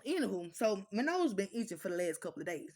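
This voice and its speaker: An animated woman talks straight to her viewers. Her delivery is blunt, profane and lively, swinging her voice up and down as she tells her stories. She speaks at a mid pitch in an easy, casual vlog chat. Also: fast talker. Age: adult with children. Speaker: vlogger.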